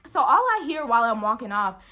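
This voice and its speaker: A woman's voice: fairly high pitch, expressive, fast, pushed and bright. A young adult woman vlogging a casual storytime about a rude customer at work, exasperated and full of rhetorical questions.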